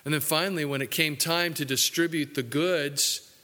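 Man, pastor, sermon, earnest, emphatic, bright tone, echoing hall. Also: fairly even intonation, moderate pace. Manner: earnest preaching, swings between emphatic rises and low asides. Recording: hall reverb.

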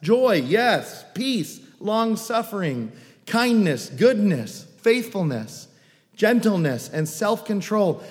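High-voiced man preaching in a reverberant hall. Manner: animated, joking asides and acted quotes. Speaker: pastor. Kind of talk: sermon.

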